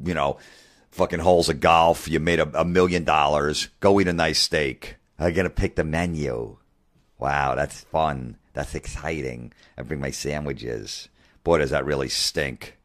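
A podcast host with an extremely deep, low voice talks casually and bluntly. He swears constantly, trips over fillers and restarts, and gets worked up as he goes. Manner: blunt and heavily profane, with many fillers; excitable, gets fired up.

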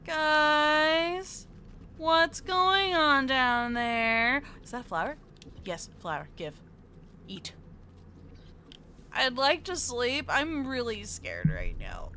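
High, lively, cutesy gaming streamer woman. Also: very slow, pauses often, slight background noise. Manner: cutesy and jittery, frequently whimpering about being scared. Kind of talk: live let's play commentary.

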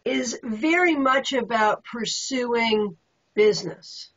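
Brief: higher-voiced woman, enthusiastic tarot show host, dull lo-fi sound. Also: animated, slow, a bit bright. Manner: affirming, enthusiastic interviewer. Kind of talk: casual chat about tarot. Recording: dull lo-fi audio.

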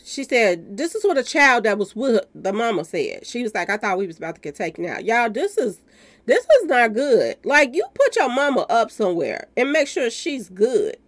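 Animated woman hosting a gossip channel. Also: a little high, normal speed. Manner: talks straight to viewers, calling them y'all. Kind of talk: commentary on a news clip.

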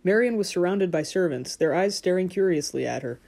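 A woman narrating a fairy-tale audiobook in a measured, gentle storytelling manner. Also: lowish voice, expressive.

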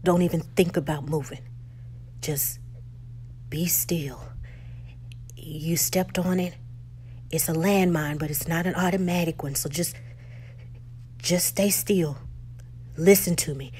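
A woman voicing an intense older veteran father, talking low and urgent in a hushed whisper. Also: normal speed, a little hiss or hum, natural voice.

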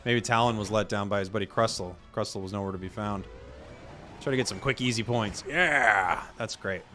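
A young man casually commenting on his matches as he plays, rambling and telling deadpan joke stories. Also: fairly low pitch, moderate pace, faint music behind. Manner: rambling, joking, deadpan tall tales. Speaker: gaming channel host.

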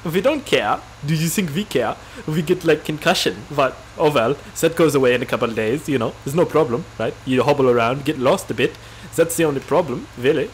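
A man's voice: on the high side, fairly quick, a little hiss or hum, natural voice, low-quality recording. A man voicing a smug, taunting male deer with a mock German accent that sneers and gloats.

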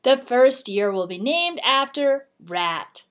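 Woman doing old emperor, storybook, grand, slow, proclaiming. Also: sits high, expressive. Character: grand, booming old male emperor judging a race.

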